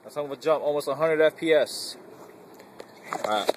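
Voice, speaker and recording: A man's voice: on the high side, a little fast, a crowd in the background. A man hosting a casual airsoft demo with friends, talking in a laid-back, offhand way. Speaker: airsoft channel host. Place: outdoors. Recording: background noise and passing vehicles.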